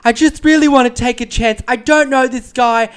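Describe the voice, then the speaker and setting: An Australian man mocking a dramatic young woman from a dating show in a high, whiny voice. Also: steady tone, moderate pace, a bit bright, clear, resonant tone. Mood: gushing. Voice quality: high-pitched whiny mockery.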